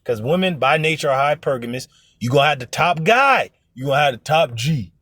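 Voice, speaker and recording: A man's voice: on the high side, lively intonation, brisk, a bit bright, no room sound, clean studio sound. A man preaching informally to an online audience, blunt and profane, who acts out other people's voices in his stories. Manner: blunt, profane, emphatic exhortation. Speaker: religious teacher.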